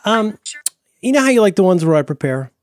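Casual podcast guest, man, lively pitch, meandering and playful, dry close sound. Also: a little fast, no room sound. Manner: rambling, self-interrupting, playful silly voices. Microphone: remote call mic.

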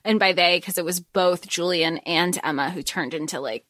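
A woman co-hosting a podcast, talking through a book in casual chat, animated and rambling, dropping into the characters' voices. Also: fairly low pitch, moderate pace, no echo, studio quality. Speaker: podcast co-host.

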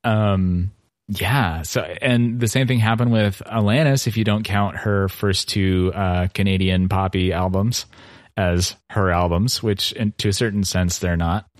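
Sarcastic low-voiced male podcast co-host. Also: a little slow, no echo, clean studio sound. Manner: sarcastic, joking. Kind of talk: casual chat.

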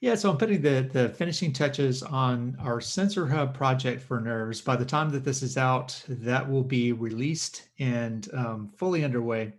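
A man's voice: mid-range voice, normal speed, few pauses. A man co-hosting a podcast, giving a brief, matter-of-fact update. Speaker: podcast co-host. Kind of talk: casual podcast chat.

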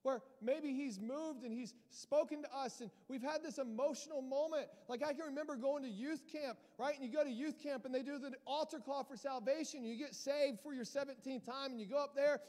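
A man's voice: very high voice, a little fast, few pauses, darkish tone. A male pastor preaching a sermon in a casual, joking, self-deprecating way. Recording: long church reverb.

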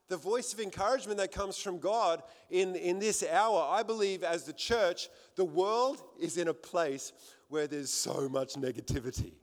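A man's voice: sits high, normal speed. A middle-aged Australian man preaching a sermon, telling his own story earnestly and repeating phrases for emphasis. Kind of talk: sermon with personal testimony. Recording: long hall reverb.

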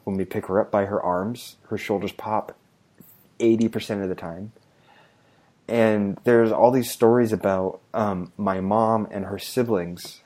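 A man's voice: fairly low pitch, a little mellow. A man in his thirties co-hosting a podcast, talking in an easygoing casual chat and chuckling now and then. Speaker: podcast co-host.

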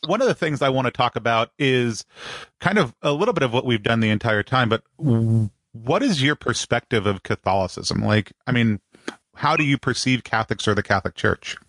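A man interviewing a guest, calm and measured, with short affirming replies. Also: medium pitch, dry recording. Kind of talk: casual conversational interview.

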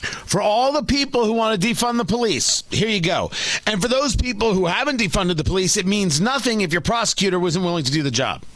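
Man, commentary host, sarcastic rant, bright edge, dry close sound. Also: high voice, a little fast, no echo. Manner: sarcastic, animated ranting. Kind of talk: opinion commentary.

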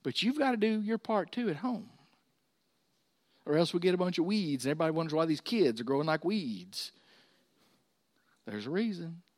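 A middle-aged pastor preaches in a folksy, conversational style, turning to his congregation with asides. His voice sits high for a man, and the sound is close and dry. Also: very animated, normal speed, long pauses, no echo. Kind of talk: sermon.

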